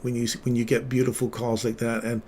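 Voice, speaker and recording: Male streamer host, mid-pitched, sincere and emotional storyteller, low faint noise in the room. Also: flat delivery, a little fast, warm tone. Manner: earnest, emotional storytelling, drops to near-whisper at tender moments. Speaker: livestream trading host, former paramedic. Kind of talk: casual livestream chat.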